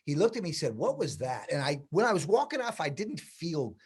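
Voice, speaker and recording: Guy in his 60s, hair educator, chatty and animated, voices the people in his stories, pitched kinda high. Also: fast, breathy edge. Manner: animated, acts out quoted dialogue. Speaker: hairdressing educator, guest. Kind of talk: casual interview storytelling.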